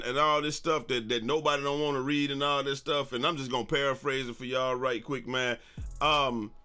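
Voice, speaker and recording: Bright, energetic sing-song vlog host. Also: male voice, medium pitch. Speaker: gaming news host. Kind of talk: casual commentary vlog.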